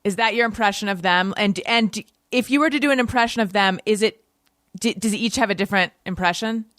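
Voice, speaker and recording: A woman's voice: mid-range voice, fairly quick, fairly bright tone, no room sound, studio quality. A woman hosting a podcast, asking curious questions and laughing often. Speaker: podcast host. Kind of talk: podcast interview.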